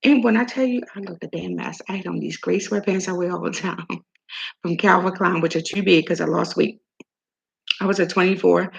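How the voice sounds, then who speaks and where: A woman's voice: lowish voice, gravelly, breathy edge. A middle-aged woman from Maryland hosting a casual chat, telling chatty stories and acting out the dialogue. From Maryland, USA. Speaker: host. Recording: dull lo-fi sound.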